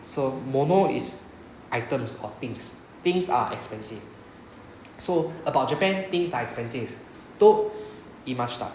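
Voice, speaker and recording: A man's voice: medium pitch, animated, a little slow, pauses often, a little mellow, reverberant, a little hiss or hum, poor audio. A man with a Singaporean English accent, teaching a Japanese class and explaining patiently, often checking with "right?". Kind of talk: classroom lecture.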